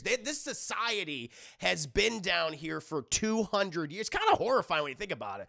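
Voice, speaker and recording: Man, show reviewer, casual recap, animated, gravelly voice, lively pitch. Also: moderate pace, hardly any pauses. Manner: animated, laughs, acts out scenes.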